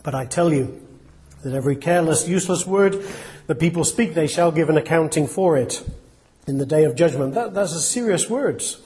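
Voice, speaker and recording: Man, preaching a sermon, earnest, plain-spoken, rhetorical questions, slightly high voice. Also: animated, moderate pace, darkish tone. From England.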